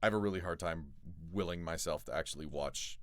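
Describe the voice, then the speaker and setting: A man streaming live, chatting casually with his chat, jumping from loud excited bursts to low mumbles. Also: quick pace, clean tone, no echo.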